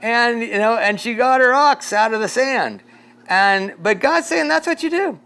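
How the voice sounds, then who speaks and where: A pastor leading a casual Bible study, rambling through a story with lots of fillers and chuckles. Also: male voice, very high-pitched, lively intonation, measured pace, bright, forceful tone, smooth.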